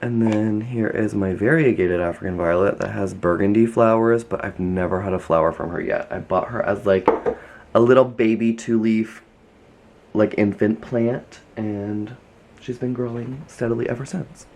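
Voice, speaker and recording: A man with a somewhat low voice talks through a casual tour of his home plant collection. He gushes, chats freely and fills his sentences with "like". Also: normal speed, a little mellow, slight background noise. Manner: gushing, chatty, frequent "like". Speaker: plant vlogger. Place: home filled with houseplants.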